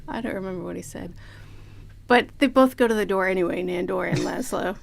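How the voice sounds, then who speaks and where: A woman co-hosting a podcast, chatting casually about a TV episode, playful and quick to swear. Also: mid-range voice, vocal fry. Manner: playful, swears freely, laughs often. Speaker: podcast co-host. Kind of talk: casual chat recapping a TV episode.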